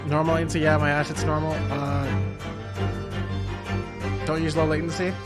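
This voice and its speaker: Joking male streamer over loud game music. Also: a little high, flat delivery, normal speed. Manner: swears casually, jokey asides. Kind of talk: casual gaming commentary, reading dialogue aloud.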